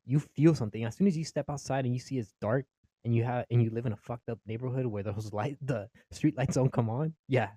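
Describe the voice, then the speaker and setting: A man's voice: medium pitch, brisk, warm tone, no room sound, studio quality. A young Mexican-American man doing stand-up comedy, swearing freely, laughing at his own jokes and acting out his family.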